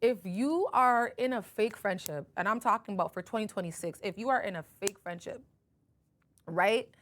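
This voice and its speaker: A woman's voice: mid-range voice, moderate pace. A woman podcast host retelling a Bible story in a casual, emphatic way, often correcting herself. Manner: conversational, self-correcting, emphatic.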